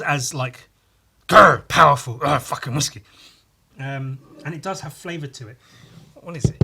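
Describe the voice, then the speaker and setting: Sharp in tone with a breathy edge, this man's higher voice drives a solo podcast. He's casual and rambling, swears freely, and often stops mid-sentence.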